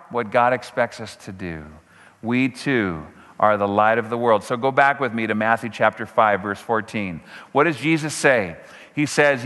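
A man preaching a sermon as pastor, emphatic, slowing down on key phrases and swinging his pitch up and down. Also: bright, forceful tone. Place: church sanctuary. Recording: church hall reverb.

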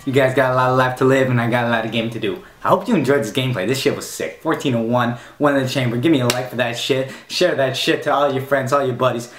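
A man's voice: medium pitch, steady tone, quick pace, few pauses, a bit bright, echoey room, slight background noise. A male YouTuber delivering a comedic, profane rant in a slangy, mock-tough way. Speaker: YouTube commentator.

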